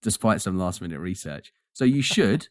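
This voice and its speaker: A man co-hosting a podcast in casual chat, animated and ranting, often laughing. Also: sits low, normal speed, no echo, clean studio sound. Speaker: podcast co-host.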